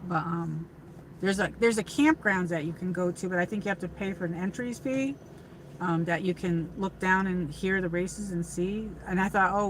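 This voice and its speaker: A woman from upstate New York hosts a casual livestream from her car. Her voice is bright and forward, and she rambles along with plenty of fillers and restarts. A faint hum of noise sits behind her. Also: on the low side, poor audio. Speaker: livestream host.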